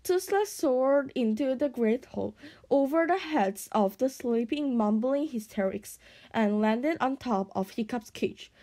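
A woman reads a children's storybook aloud at a slow, careful pace. Her voice sits a little high, and she often trips on a word and restarts it before carrying on. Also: expressive, warm tone. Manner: unhurried reading with frequent stumbles and restarts. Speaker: audiobook reader.

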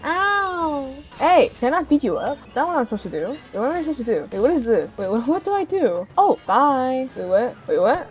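A young woman playing a video game and reacting out loud, giggling often and shrieking with excitement. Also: high voice, fast talker, few pauses. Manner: giggly, excitable, squealing exclamations. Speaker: gamer. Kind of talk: casual gameplay commentary. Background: game music.

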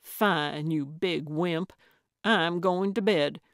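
A woman's voice: low voice, slow, no room sound, studio quality. A woman voicing a stubborn older woman amateur sleuth in a mystery audiobook, pushy and impatient. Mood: insistent.

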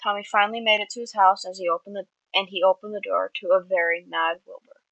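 A woman's voice: medium pitch, fairly even intonation, quick pace, vocal fry, fairly bright tone, no room sound, highs cut off. A woman reading her own story aloud earnestly, with small slips and restarts. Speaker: amateur writer.

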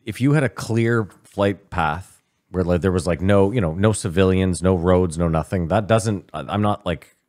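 A man's voice: sits low, normal speed, a little mellow. A man in comedic podcast banter, talking crudely and restarting his sentences to hold the floor.

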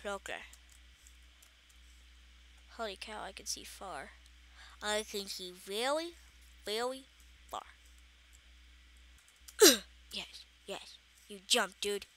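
A woman's voice: mid-range voice, slow, long pauses, fairly bright tone, a little hiss or hum. A woman casually commenting on her own survival game, chatty and playfully exasperated, talking to herself as she plays. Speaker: gaming channel host. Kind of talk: casual Minecraft let's play commentary.

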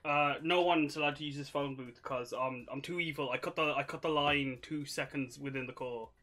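A man's voice: mid-range voice, steady tone, normal speed, pushed and bright, close to an everyday voice. A man voicing a bitter, lonely male spirit who haunts a phone booth, talking in a stammering, petulant way.

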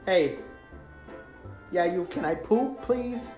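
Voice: mid-range voice, expressive, takes it slowly. Someone voicing a pushy house cat who pleads for privacy and then turns rude. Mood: pleading. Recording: echoey clip with music behind.

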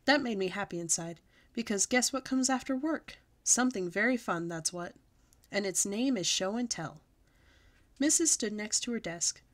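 A woman reads a children's book aloud at storytime in a middle-pitched voice. She tells it in a lively, childlike first person. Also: moderate pace. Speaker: storytime reader.

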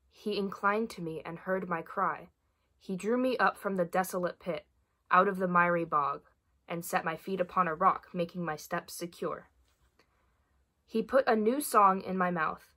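A woman with a fairly low voice reads scripture aloud for a worship service. She keeps a measured, steady pace and gives each line weight. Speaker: scripture reader.

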